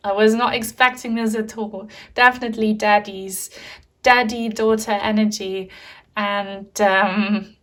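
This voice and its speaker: A young adult woman giving a gentle, emotional pick-a-card tarot reading, with soft laughs and many fillers. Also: medium pitch. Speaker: tarot reader.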